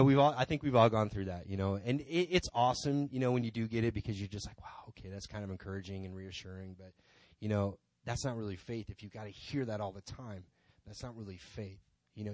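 A man with a medium-pitched voice, recorded without echo, gives an informal testimony from the pulpit of a church sanctuary. He's a church member talking conversationally and wandering into many asides.

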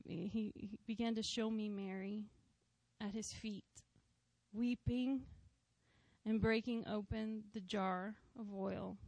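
A woman's voice: medium pitch, vocal fry, darkish tone, no echo. A woman, a worship leader and mother, giving an earnest personal testimony to a church, with frequent "you know" asides. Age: adult, a mother of school-age kids.

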